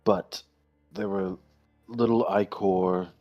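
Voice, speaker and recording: A man voicing a solemn monster hunter who reports in a halting, earnest way in a tabletop game. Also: fairly low pitch, very animated, creaky, dull audio, faint music behind, full character voice. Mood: somber.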